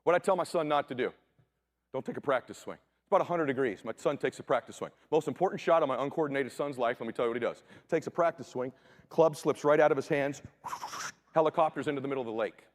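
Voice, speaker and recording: A middle-aged man giving a motivational keynote as a story, acting out dialogue in punchy short sentences with casual swearing and sudden shouts. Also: mid-range voice, fast. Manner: animated, acts out dialogue, bursts into shouts. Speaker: motivational speaker. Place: conference stage before an audience.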